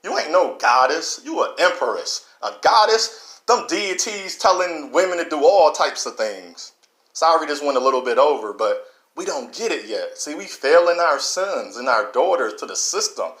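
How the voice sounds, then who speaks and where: A man giving an impassioned, preachy monologue to camera, repeating himself and swinging between loud and low. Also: very animated, moderate pace. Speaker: vlogger. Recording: roomy echo.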